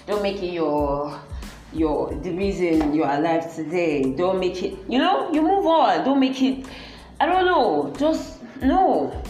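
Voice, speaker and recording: A woman's voice: mid-range voice, darkish tone. Blunt Nigerian woman ranting in echoey space. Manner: emphatic, repetitive, blunt and scolding. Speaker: vlogger. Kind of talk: personal advice rant to camera. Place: public place with people around.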